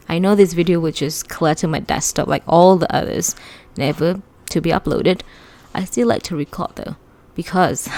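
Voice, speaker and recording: A woman's voice: on the low side, vocal fry, darkish tone. A woman reading a first-person audiobook aloud in a conversational, wry teenage-narrator delivery. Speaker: audiobook reader.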